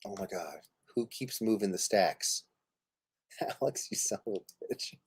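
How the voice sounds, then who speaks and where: A male streamer talking in an animated way, his pitch jumping all over as he laughs and jokes. His voice is recorded close and dry, with no room sound. He teases his friends and swears playfully. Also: a little slow, breathy edge, no room sound. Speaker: streamer host. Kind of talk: casual live-stream chat while playing.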